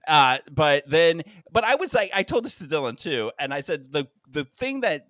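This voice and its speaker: A male podcast co-host telling a story in casual chat, animated, acting out other people's lines and laughing often. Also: on the high side, normal speed, no echo, clean studio sound. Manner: animated, acts out quoted voices, laughs often.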